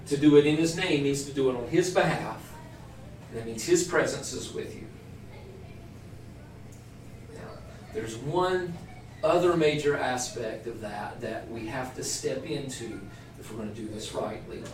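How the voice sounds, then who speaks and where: A man teaching a small church group in a relaxed, conversational sermon, joking about himself now and then. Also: medium pitch, slight background noise. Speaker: pastor teaching a church class. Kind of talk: informal sermon. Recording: echoey room, voice from far off.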